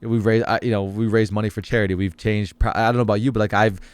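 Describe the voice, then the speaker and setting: Fast-talking man on a dry mic. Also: smooth, no echo. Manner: rapid, animated, drops to a low serious voice for jokes. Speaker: streamer guest. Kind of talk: casual podcast chat.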